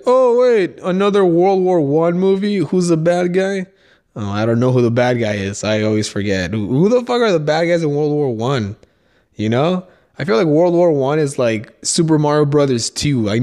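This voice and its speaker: A young adult man hosting a solo comedy podcast, rambling and swearing, leaping into mocking high notes as he riffs. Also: darkish tone. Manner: profane, rambling, jumps between topics; mocking sing-song jumps up in pitch. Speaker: podcast host.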